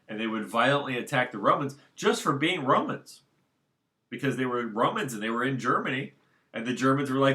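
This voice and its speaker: A man's voice: mid-range voice, animated, fairly quick, sharp tone. A man talking alone at home in a casual, unscripted monologue, rambling and circling back to his points. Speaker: solo commentator.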